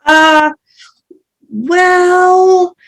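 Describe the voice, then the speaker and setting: A woman's voice: very high voice, steady tone, extremely slow, fairly bright tone, pitched above the performer's own voice, heavily acted. A woman voicing a big, affectionate Scandinavian-looking farmer dad who speaks hesitantly and fondly in a tabletop game. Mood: warm, fumbling.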